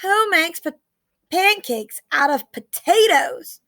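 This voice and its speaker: A woman's voice: very high-pitched, animated, takes it slowly, creaky, pushed and bright, dry recording, clean studio sound, pitched above the performer's own voice, exaggerated voice. Woman doing a prissy, snooty little girl. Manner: snooty, disdainful.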